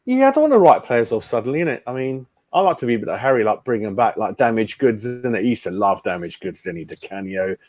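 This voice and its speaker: A man's voice: medium pitch, big pitch swings, quick pace, few pauses, darkish tone. A man hosting a casual fan live stream, chatting bluntly and calling everyone mate. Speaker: fan channel host.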